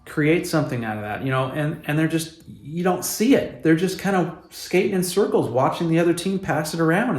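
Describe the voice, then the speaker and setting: A man's voice: mid-range voice, roomy sound. A man giving passionate, exasperated commentary on his hockey team in a casual vlog. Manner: passionate, exasperated, fan ranting. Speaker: hockey vlogger. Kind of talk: opinionated sports commentary vlog.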